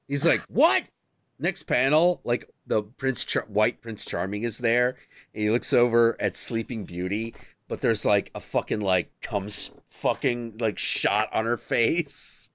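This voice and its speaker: A man hosting a casual chat, telling crude stories and jokes with sudden squeaky put-on voices. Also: measured pace, no room sound. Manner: crude, animated storytelling with sudden high squeaky impressions. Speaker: host.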